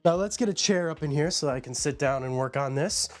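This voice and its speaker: A man's voice: fairly high pitch, fairly quick. A man casually chatting on a live stream from a room at home, rambling as he greets viewers by name. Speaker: live streamer showing his pet enclosures.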